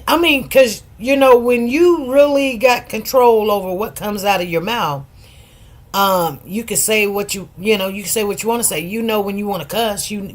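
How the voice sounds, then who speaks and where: A middle-aged woman hosts her own live stream, chatting in an easy, rambling way with a voice that sits a little high. She greets viewers one by one by name and repeats words two or three times to drive her points home.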